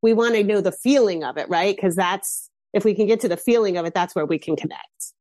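A woman hosting a casual podcast interview, energetic and frank, swearing casually. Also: medium pitch, brisk, no echo, studio quality. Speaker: podcast host.

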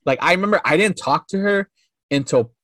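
A man's voice: fairly high pitch, animated, fairly quick, fairly bright tone, no room sound, studio quality. A man in his thirties, a podcast guest telling a story casually in a rambling, profane way full of filler words.

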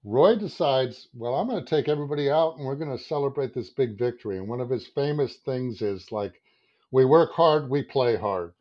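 A man's voice: medium pitch, moderate pace. A man in his fifties, an advertising creative director, telling a long story as a podcast guest, swearing and acting out his own thoughts. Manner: animated, swearing, acts out his own inner voice. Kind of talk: anecdotal storytelling in a podcast interview. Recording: dull lo-fi sound.

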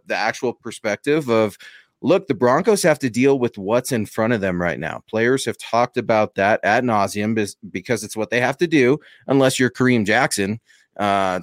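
A man's voice: on the low side, dry recording, clean studio sound. A man hosting a casual sports podcast, chatty, reading out supporter thanks and putting questions to his co-host.

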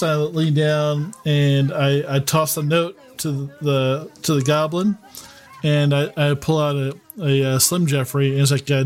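A man's voice: on the high side, level tone, slow pace, smooth. A man playing a tabletop game, describing his actions hesitantly with fillers. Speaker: player.

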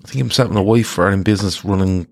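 A man's voice: low-pitched, fast talker, creaky, a little mellow. A man hosting a football quiz podcast, chatting casually and swearing freely. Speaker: quiz host.

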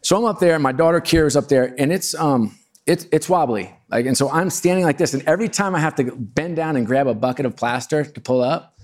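A man's voice: on the high side, brisk. A middle-aged man giving a storytelling talk to a live audience, chatty and self-deprecating with plenty of asides. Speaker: keynote speaker.

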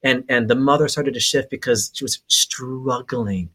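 A man from Hawaii, a psychic medium on a podcast, telling a story in a lively way and laughing as he goes. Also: medium pitch, moderate pace. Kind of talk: casual storytelling.

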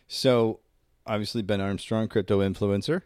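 A man's voice: on the low side, steady tone, normal speed, a little mellow, dry recording, clean studio sound. A man co-hosting a podcast in casual banter, laughing often and swearing freely. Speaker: podcast co-host.

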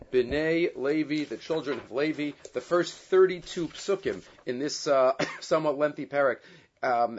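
A man's voice: mid-range voice, slight background noise. Man teaching a Torah class, lo-fi. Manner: explains Hebrew and Aramaic texts, quoting and translating, with many fillers; grows loud and animated when retelling the story. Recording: dull lo-fi sound.

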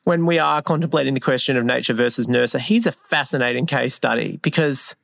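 A man's voice: medium pitch, brisk, gravelly, fairly bright tone, no echo, studio quality. A man co-hosting a casual pop culture chat, wry and reflective as he muses on celebrities. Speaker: podcast co-host.

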